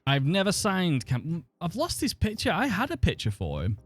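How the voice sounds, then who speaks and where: A man's voice: high-pitched, wildly swooping pitch, normal speed, soft background music. A man chatting and thinking aloud as he streams a football management game, swearing now and then. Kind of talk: casual live-stream commentary.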